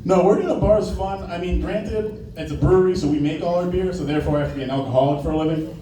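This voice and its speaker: A young male comic tells loose, profane stories in a fairly high voice with a dark, mellow tone. He stands back from the mic, so the sound is roomy and echoey, with a faint hiss underneath. He slips into quick put-on voices while he tells stories. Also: recorded from a distance. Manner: casual, profane storytelling with brief put-on voices. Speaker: stand-up comedian. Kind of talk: stand-up set. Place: small open-mic room.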